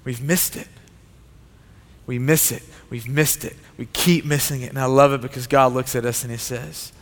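A man's voice: medium pitch, fairly even intonation, moderate pace. Earnest preacher man in an echoing hall. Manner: earnest, repetitive preaching cadence. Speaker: pastor. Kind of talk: sermon. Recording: long hall reverb.

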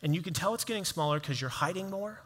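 A man's voice: high voice, animated, quick pace, a bit bright. Male pastor, conversational sermon in a reverberant hall. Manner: conversational preaching, acts out quoted voices.

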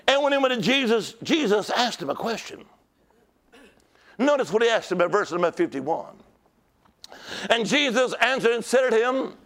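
A man preaching a sermon in a church, telling stories with shouts and call-outs to the congregation. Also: extremely high pitch, sing-song, moderate pace, long pauses.

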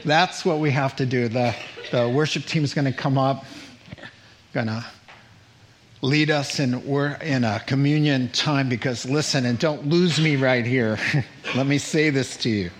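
A middle-aged man preaching a sermon as pastor, animated, with his pitch climbing on rhetorical questions and quotes acted out in character. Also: unhurried, slight background noise.

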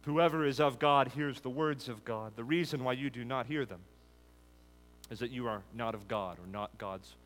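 A man preaching an expository sermon, building emphatic lists that rise and then drop low. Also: normal speed, fairly bright tone, a little hiss or hum. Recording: long hall reverb.

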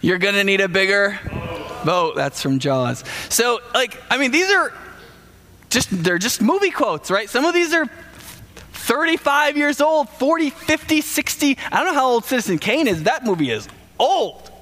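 A man preaching a sermon in a conversational, animated way, speaking directly to the congregation. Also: very high-pitched, normal speed. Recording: long hall reverb.

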